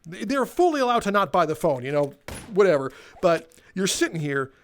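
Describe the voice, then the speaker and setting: A man's voice: sits high, sing-song, fairly quick. A young man telling a sarcastic, exasperated, swear-filled comedic rant as he walks around. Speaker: comedic storyteller. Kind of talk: profane comedic rant, walking tour.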